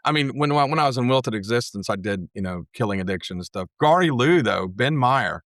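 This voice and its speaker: A man's voice: medium pitch, brisk, dry recording, studio quality. A man, a guest on a podcast, chatting casually and telling stories with plenty of swearing. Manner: profane, animated storyteller. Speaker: podcast guest, metal museum organizer. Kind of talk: casual chat.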